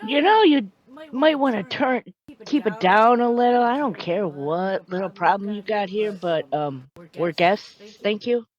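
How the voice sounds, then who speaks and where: A woman's voice: mid-range voice, lively intonation, a little slow, lo-fi sound. A woman playing a tabletop game, sassy and playful when speaking in character. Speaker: player. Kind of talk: tabletop role-play.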